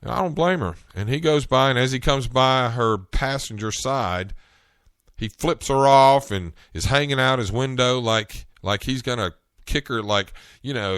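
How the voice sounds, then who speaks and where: A man's voice: medium pitch, moderate pace, a bit bright, clean tone, no room sound, clean studio sound. A man from North Carolina with a Southern US accent, chatting casually and telling stories in a solo podcast monologue. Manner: chatty, storytelling, frequent restarts. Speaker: podcast host.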